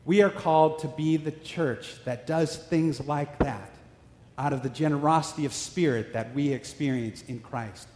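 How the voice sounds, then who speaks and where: A man preaching a sermon, telling a story with lively voiced dialogue. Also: fairly high pitch, normal speed. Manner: animated storytelling, voicing characters in dialogue. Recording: echoey hall.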